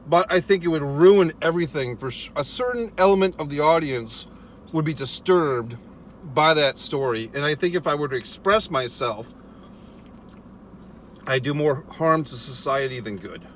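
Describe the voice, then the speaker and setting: A man's voice: on the high side, moderate pace, a bit bright, slight background noise. Profane rambling man in a car. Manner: profane, rambling, wry asides to viewers. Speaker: vlogger. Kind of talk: casual eating vlog rant.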